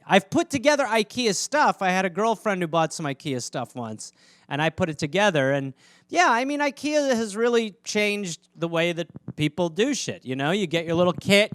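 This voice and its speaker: A man in his thirties riffs through a solo podcast in a casual, joking ramble. His voice is high and clean, recorded close with a completely dry sound. Now and then he breaks into quick, squeaky character voices. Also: a bit bright, clear, resonant tone, no echo. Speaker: podcast host.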